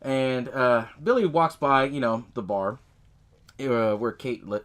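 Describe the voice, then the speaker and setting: A man's voice: mid-range voice, takes it slowly, fairly bright tone. A man hosting a podcast, recapping a movie in a loose, profane way and laughing often as he tells it. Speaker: podcast host.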